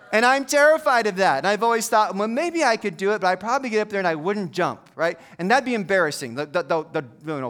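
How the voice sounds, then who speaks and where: Middle-aged male pastor, chatty humorous preacher, high and smooth. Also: fairly bright tone. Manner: conversational, humorous storytelling preacher. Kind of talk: sermon.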